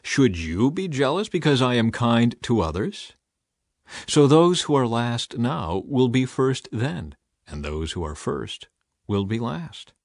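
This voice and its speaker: A man reads scripture aloud, his pitch rising and falling with lively expression. The recording is dry and close, with no room sound, and his voice sits at an average pitch. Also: slow, gravelly, no echo. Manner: expressive reading with a lively rise and fall. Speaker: scripture reader. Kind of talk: dramatized scripture reading.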